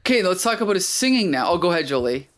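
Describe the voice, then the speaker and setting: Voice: medium pitch, big pitch swings, very fast. A podcast host talking casually and with enthusiasm about a TV episode, often laughing.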